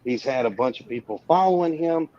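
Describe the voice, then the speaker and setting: A man, a parent of a missing child, answering interview questions in a measured, defensive way with emphatic yeses. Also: mid-range voice, animated, darkish tone, highs cut off.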